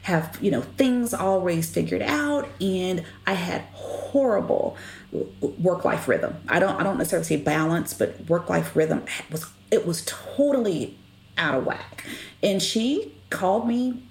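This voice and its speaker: A middle-aged woman telling stories as an interview guest, animated and expressive. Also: on the low side, measured pace, vocal fry. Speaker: guest, business leader. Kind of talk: conversational interview storytelling. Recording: echoey room with faint background noise.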